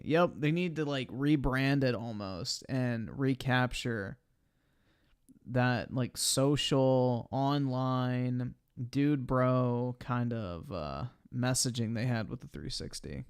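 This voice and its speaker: A man's voice: medium pitch, slow pace, clean tone, no echo, studio quality. A man hosting a livestream, chatting casually and reading chat messages aloud in a laid-back way. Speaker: livestream host.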